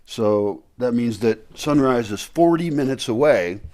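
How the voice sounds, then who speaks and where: A vlogger talks to his camera indoors at home in the pre-dawn hours, his words a bit muffled by the candy he's sucking on. He rambles and thinks out loud, leaning on fillers. His medium-pitched voice is expressive, a little mellow, and slightly slow.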